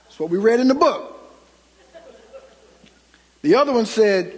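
High-voiced middle-aged preacher in reverberant hall. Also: male voice, animated, measured pace, long pauses, husky. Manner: storytelling preacher, swinging from loud to hushed. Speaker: pastor. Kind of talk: sermon.

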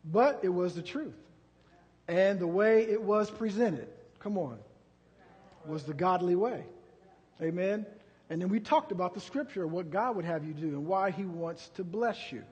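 Husky high-voiced preacher in a big hall. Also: male voice. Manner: shifts from quiet storytelling to loud slow preaching. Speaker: pastor. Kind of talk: sermon.

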